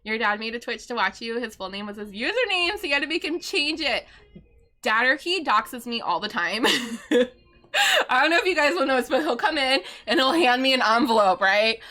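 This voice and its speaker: A woman's voice: a little high, very animated, moderate pace, pushed and bright. A middle-aged woman streaming live from home, chatting casually, answering viewer questions and laughing often.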